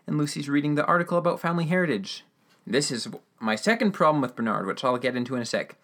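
A man's voice: medium pitch, expressive, fast talker, a bit bright. A man with an ordinary mid-range voice recaps an episode in a loose, rambling way. He fills gaps with "um" and "like" and breaks into keen asides about what he loves. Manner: rambling, enthusiastic, filler-heavy. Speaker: radio-drama episode reviewer. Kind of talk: casual recap.

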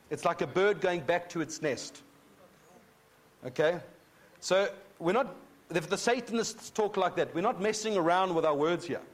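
A man teaching a Bible sermon in a conversational way, checking in with his listeners and reading scripture slowly. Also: fairly high pitch. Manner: conversational, often checking in with 'okay?'; reads scripture slowly and deliberately. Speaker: pastor.

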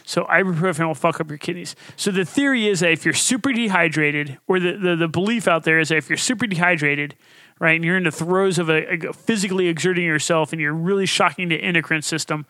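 A man co-hosting a podcast, chatting casually, swearing freely and telling animated stories. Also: on the high side, quick pace, dry recording. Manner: profane, animated storytelling. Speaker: podcast co-host. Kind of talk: casual chat.

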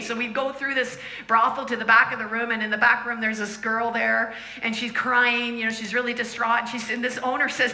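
Lively high-voiced woman preaching. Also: a little fast, roomy sound. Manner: lively, laughing, acts out quoted voices. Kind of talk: sermon storytelling.

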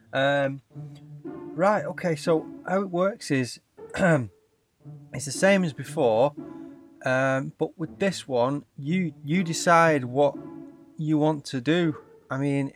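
A hesitant young student inventor, played by a man who trips and restarts mid-sentence as he pitches his gadget. His voice is fairly high for a man, and faint music sits behind it. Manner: hesitant, stumbling over words. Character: awkward young male student tech tinkerer.

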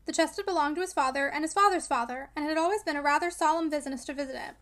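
A woman reading a classic novel aloud in steady scripted narration, voicing the dialogue quietly. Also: high voice, rapid-fire. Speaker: audiobook reader.

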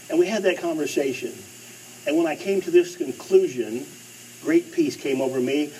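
A man's voice: fairly high pitch, brisk, dark tone, recorded from a distance, slight background noise, poor audio. A male preacher delivering a sermon, emphatic and repeating phrases for stress.

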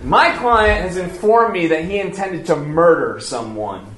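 A man's voice: sits high, animated, unhurried, background noise. A man performing a live improv scene with a mock-confident, bantering manner. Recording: echoey room with live audience.

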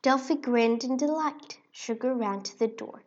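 A woman narrating a children's storybook in an expressive read-aloud way. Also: fairly high pitch, normal speed. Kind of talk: storybook reading. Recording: dull lo-fi recording.

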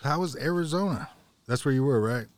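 A man's voice: medium pitch, lively intonation, brisk, dry recording. A man co-hosting a casual podcast, asking questions and cracking profane jokes. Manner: joking, asks questions, swears casually. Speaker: podcast co-host. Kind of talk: casual chat.

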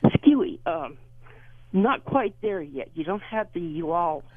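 A woman in her sixties from Southern California, calling in to a radio show and chatting earnestly with some halting pauses. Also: medium pitch, sing-song, dry recording. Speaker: caller. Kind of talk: call-in chat. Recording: tinny phone line, dry.

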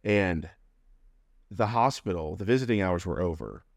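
A man's voice: deep voice, normal speed, creaky, no echo. Man, middle-aged, interview guest, personal storytelling, humorous, laughs between phrases, dry close recording.

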